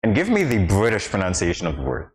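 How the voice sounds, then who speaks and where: A man with a Kittitian accent co-hosting a morning show in casual studio banter, playful and quick to laugh. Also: sits low, huge pitch swings, a little hiss or hum, low-quality recording. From St Kitts and Nevis. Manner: playful, laughs often, hesitant restarts.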